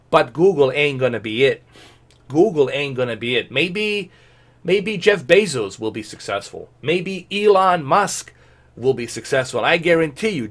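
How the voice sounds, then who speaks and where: A man's voice: mid-range voice, a bit bright. A man ranting sarcastically and with exasperation in a commentary vlog. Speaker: gaming commentator.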